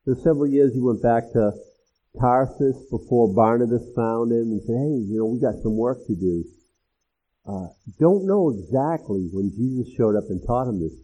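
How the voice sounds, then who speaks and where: A man preaching an expository sermon as pastor, animated and acting out the people in the text. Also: mid-range voice, moderate pace, husky. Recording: tinny phone-like sound.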